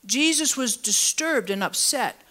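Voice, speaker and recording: This is a female pastor's sermon, heard by a congregation gathered in person and online at a streamed church service. Animated throughout, she soars upward for emphasis, then drops down low and slow, and leaves gaps for the listeners to fill in.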